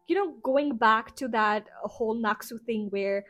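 Woman, fairly high-pitched, chatty rambling host, lots of fillers, faint background music. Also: measured pace, fairly bright tone. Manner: chatty, full of "you know" fillers. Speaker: podcast host. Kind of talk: casual rambling review.

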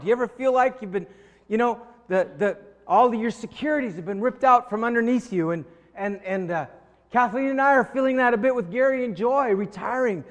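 A man's voice: very high-pitched, normal speed. A man preaching a sermon, telling a story and acting out quoted voices, often repeating words as he starts a thought. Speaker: pastor. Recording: long hall reverb.

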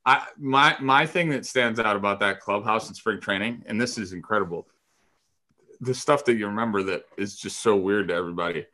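Bright, lower-pitched man telling clubhouse stories. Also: fairly quick. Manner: animated, profane, laughs often, acts out voices. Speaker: podcast co-host, former ballplayer. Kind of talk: casual storytelling chat.

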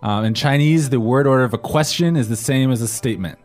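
A man's voice: medium pitch, fast, a little mellow, faint music behind. A man co-hosting a podcast language lesson, prompting with questions and recapping each point in plain English. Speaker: co-host.

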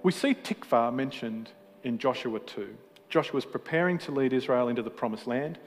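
A man preaching a sermon with passion, swinging between emphatic peaks and quiet moments, with self-deprecating humor. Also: mid-range voice, normal speed. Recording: hall reverb with faint music.

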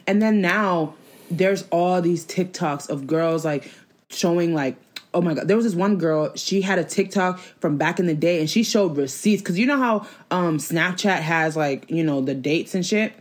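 A woman's voice: fairly low pitch, moderate pace. A woman in her twenties, co-hosting a casual chat, talking bluntly and animatedly with plenty of profanity and strong opinions.

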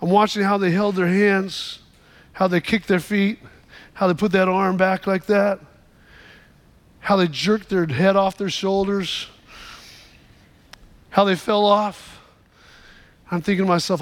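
High-voiced pastor preaching a sermon. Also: male voice, moderate pace, a bit bright. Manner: storytelling, repeats words in restarts, calls for amens.

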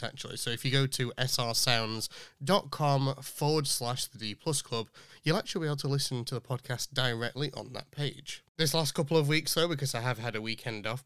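A young man hosting a podcast, chatting casually and rambling with fillers, his voice still a little rough from recent illness. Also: medium pitch, fairly bright tone, no room sound, studio quality. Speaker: podcast host. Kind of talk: casual chat.

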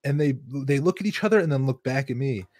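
A man's voice: medium pitch, fast talker, a little mellow, no room sound, studio quality. A young man casually telling a rambling story among friends, swearing freely. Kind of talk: casual chat.

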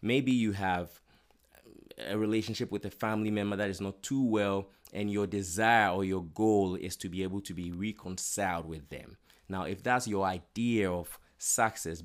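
低い声の男性の説教. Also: male voice, sits low. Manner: earnest, repeats words while building emphasis. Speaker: preacher. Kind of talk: sermon.

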